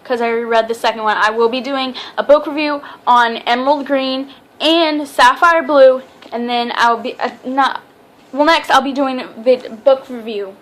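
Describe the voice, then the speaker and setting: High-voiced chatty young woman vlogger. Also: normal speed. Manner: chatty, rambling, stumbles over words. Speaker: book vlogger. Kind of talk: casual book review vlog.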